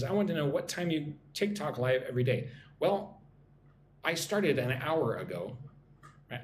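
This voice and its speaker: A man's voice: medium pitch, reverberant, a little hiss or hum. A man teaching English on a live stream, reading chat comments and drilling pronunciation.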